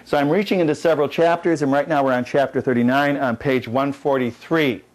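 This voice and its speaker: A man's voice: mid-range voice, fairly even intonation, brisk. A middle-aged man teaching Latin at a whiteboard in a classroom, folksy and jokey, repeating key points and restarting his sentences.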